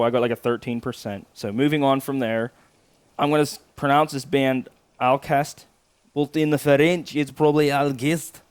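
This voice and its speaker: A man hosts his podcast solo in a crude, sarcastic, rambling way. His voice sits at a middling pitch and sounds dry and close, with no room around it. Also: clean tone, no room sound. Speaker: podcast host. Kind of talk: casual solo podcast talk.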